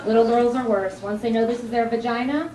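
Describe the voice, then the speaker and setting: A woman from New Jersey doing a stand-up comedy set, telling animated stories with sudden high-pitched punchlines. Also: fast talker, far from the mic, noisy background. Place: comedy club stage. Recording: echoey club recording from afar, with crowd laughter.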